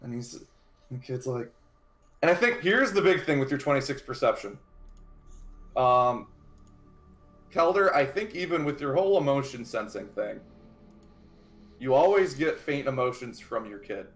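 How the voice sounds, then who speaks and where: A man running a tabletop role-playing game as game master, narrating in a relaxed, playful way. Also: medium pitch, moderate pace, pauses often, reverberant.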